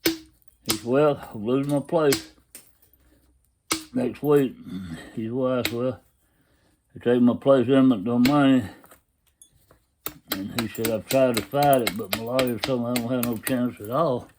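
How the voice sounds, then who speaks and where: A man's voice: medium pitch, unhurried, pauses often, background noise. A man telling a story in a folksy, casual way, constantly retelling what others said. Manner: folksy drawl, retelling quotes with "he said".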